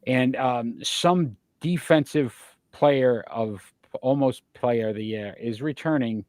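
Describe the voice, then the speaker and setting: Guy hosting a basketball talk show, rattling off stats, dry close mic, mid pitch. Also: slow, a little mellow, dry recording. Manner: asks long, winding questions packed with stats. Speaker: sports talk show host. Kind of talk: sports talk chat.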